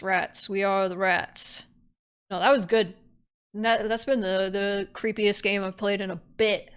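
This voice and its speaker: Woman streamer, unhurried speech, candid and profane, faint music underneath. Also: mid-range voice, fairly bright tone. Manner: candid, swears freely, thinks aloud. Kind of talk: casual game commentary.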